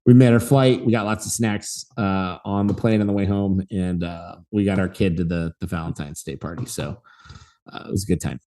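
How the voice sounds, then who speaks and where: A man in his thirties co-hosting a podcast, telling a story in a lively, casual way and acting out the voices in it. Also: low-pitched, moderate pace. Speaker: podcast co-host.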